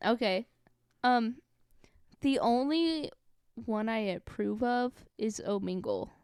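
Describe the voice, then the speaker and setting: A woman's voice: on the high side, takes it slowly, a little mellow, clean tone. A young woman guest on a podcast, chatting casually with giggly, playful teasing. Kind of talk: casual chat.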